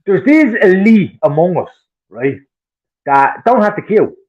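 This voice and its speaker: A man's voice: sits high, sing-song, measured pace, darkish tone, muffled recording. An Irish man co-hosting a podcast, telling profane, heated stories in casual chat. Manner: profane, heated ranting storyteller. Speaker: podcast co-host.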